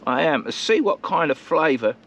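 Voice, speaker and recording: Lively, chatty man outdoors. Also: on the high side, moderate pace, slight background noise. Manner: chatty and self-mocking, laughs often. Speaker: vlogger. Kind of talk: casual vlog chat to camera. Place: outdoors at a countryside campsite.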